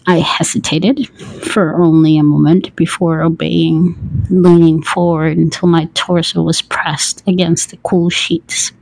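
Slow, gravelly woman narrating intimately. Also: deep voice, flat delivery, no echo, low-quality recording. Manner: hushed, intimate, often slipping into whispers. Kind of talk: first-person erotic story narration.

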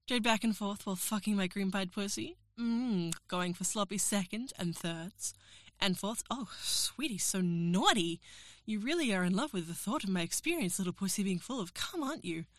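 A woman's voice: medium pitch, lively intonation, normal speed, no room sound. Teasing, commanding woman, dry close voice. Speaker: professor character in audio role-play. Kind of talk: erotic audio role-play.

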